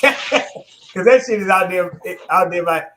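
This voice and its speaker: A middle-aged man telling a long, profane, animated story in a casual chat and laughing as he goes. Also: high voice, slow pace, reverberant, background noise. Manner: animated, profane, laughs through his stories. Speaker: podcast co-host.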